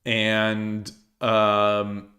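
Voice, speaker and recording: A man's voice: on the low side, monotone, very slow, bright, forceful tone. A middle-aged man chatting casually on his livestream, rambling with many restarts and fillers. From United States. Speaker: streamer.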